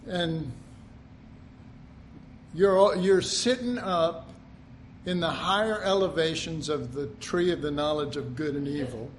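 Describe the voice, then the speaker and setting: An older man delivers a folksy, conversational sermon in a high voice. He speaks slowly, leaning hard on drawn-out words for emphasis and slipping into the voices of the people he describes. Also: a little hiss or hum. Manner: folksy, acts out quotes, drawn-out emphatic phrases. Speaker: preacher.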